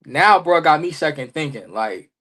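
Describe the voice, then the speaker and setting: A young man, a wrestler appearing as a podcast guest, tells a story in heavy casual slang, animatedly acting out the quoted dialogue. His voice is fairly high-pitched and moderately paced.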